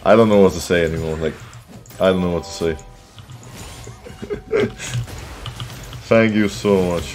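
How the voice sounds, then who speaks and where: Man, deep low voice, live game streamer, excitable, chats to viewers, faint music behind. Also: quick pace. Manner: excitable, laughing, talks to chat. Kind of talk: casual live game commentary.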